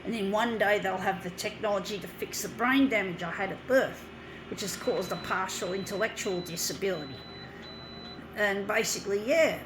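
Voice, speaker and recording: A woman's voice: fairly high pitch, slight background noise. A woman, talking to viewers in a rambling, casual vlog monologue while she works on her art, swearing often and calling them folks. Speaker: artist vlogger.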